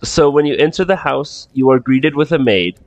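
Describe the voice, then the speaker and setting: A man's voice: fairly high pitch, normal speed. A man narrating a tabletop game as game master, casual with lots of fillers. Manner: casual, laughs often, filler words.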